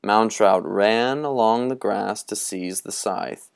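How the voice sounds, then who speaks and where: Deep-voiced man reading a story slowly. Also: vocal fry, clean tone, dry recording, studio quality. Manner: slow, dramatic, drawn-out delivery. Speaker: reader.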